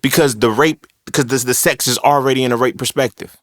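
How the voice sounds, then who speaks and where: In a dry, studio-quality recording, a man with a mid-range voice speaks a little fast with fairly even intonation. Hosting a podcast solo, he delivers a casual, rambling, profane and emphatic monologue, frequently checking in with "you feel me."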